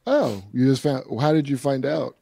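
A man's voice: medium pitch, normal speed, creaky, mellow, dry recording, studio quality. A man playing the easygoing sidekick in a casual comedy chat. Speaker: co-host sidekick.

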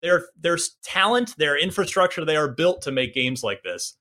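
A man's voice: fairly high pitch, lively intonation, moderate pace, sharp tone. A man in his forties hosting a casual gaming podcast, rambling and self-deprecating with many restarts. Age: 40s. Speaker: podcast host.

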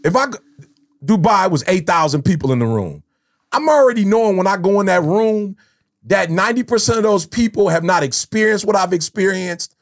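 Middle-aged male podcast host, high and gravelly, slangy and animated storyteller. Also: brisk. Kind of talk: casual chat.

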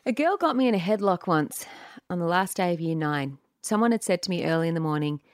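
A woman's voice: fairly low pitch, lively intonation, fast, no room sound, studio quality. Chatty Australian woman telling stories. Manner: chatty storyteller, frequent "like" fillers. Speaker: guest. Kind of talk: casual chat.

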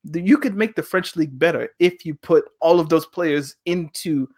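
Man, casual football debate, animated, rhetorical questions, higher-pitched voice. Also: moderate pace, breathy edge. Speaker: podcast co-host.

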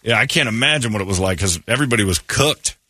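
A man's voice: on the low side, animated, fast, bright, forceful tone, no room sound, clean studio sound. A man hosting a morning radio show, rambling through a story and acting out other people's lines. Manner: rambling storyteller, acts out voices. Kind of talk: casual morning show banter.

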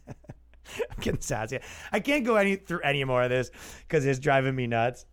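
A man's voice: medium pitch, very animated, fairly quick, a bit bright, clear, resonant tone. A man hosting a comedy podcast, ranting casually in an exasperated, sarcastic way. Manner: exasperated, sarcastic, acts out quoted voices.

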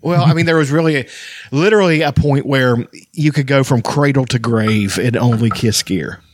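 A man co-hosting a podcast in casual, rambling chat, profane and animated as he tells stories. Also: medium pitch, moderate pace, no echo, clean studio sound. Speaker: podcast co-host.

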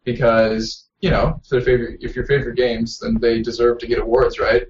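A man's voice: medium pitch, flat delivery, fairly quick, highs cut off. A young man co-hosting a casual gaming podcast, chatty and upbeat with some teasing. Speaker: podcast co-host. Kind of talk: casual chat.

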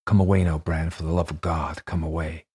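A man with a low, husky voice reading the lines of a frightened old country deacon in an audiobook, with a quavering, nervous manner. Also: flat delivery, fairly quick, warm tone, heavily acted.

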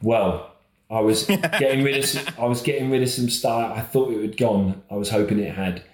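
A man's voice: medium pitch, normal speed, a little hiss or hum. A man telling a personal story in a rambling, self-mocking way, as a guest in casual conversation. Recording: roomy echo.

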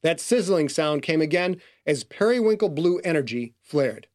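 A man's voice: fairly high pitch, animated, normal speed, darkish tone. A man giving scripted audiobook narration in a dry, matter-of-fact way.

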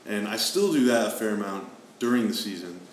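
A man's voice: fairly low pitch, animated, brisk, roomy sound, a little hiss or hum, poor audio. A man as a podcast guest, answering in an easygoing, casual way. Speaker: guest, team content writer.

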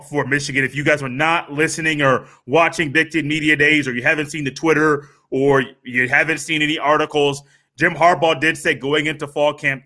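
This is a man talking sports with a co-host, and he sounds strongly opinionated and emphatic. His voice sits high and comes across bright and forceful. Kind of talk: casual sports talk commentary.

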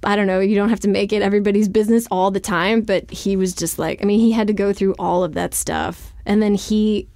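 Gravelly-voiced woman, chatty and wry. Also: medium pitch, fairly even intonation, fairly quick, hardly any pauses, a little mellow, no echo, studio quality. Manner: chatty, heavy use of "like", wry and self-deprecating. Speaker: author and guest. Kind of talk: candid conversational interview.

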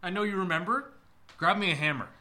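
A man's voice: high voice, fast talker. An actor playing a menacing male taxidermist killer, coaxing and cruel. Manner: coaxing, then erupting into shouts. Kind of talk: audio drama acting.

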